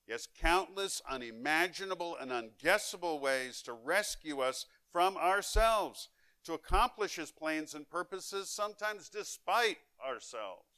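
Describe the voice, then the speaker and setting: A man pastor preaching a sermon, with emphatic delivery that swings between loud and soft and between fast and drawn out. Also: fairly high pitch, expressive, smooth, dry recording. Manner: emphatic preaching with wide swings in loudness and pace.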